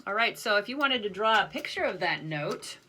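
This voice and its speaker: A woman's voice: medium pitch, expressive, brisk, loud music behind the voice. A woman band teacher recording a video lesson, counting off beats and explaining patiently with self-deprecating asides.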